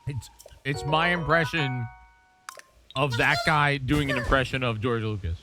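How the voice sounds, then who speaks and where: A male streamer with a mid-range voice talks casually to his chat. He rambles and restarts his sentences, bursting into quick, animated stretches. Faint music runs quietly behind him. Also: medium pitch.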